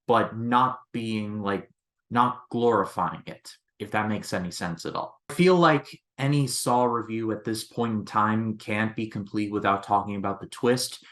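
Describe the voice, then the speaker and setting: Host of a casual movie review channel, a man with a slightly low voice, rambling style full of restarts. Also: measured pace, fairly bright tone. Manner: rambling, leans on "basically" and restarts.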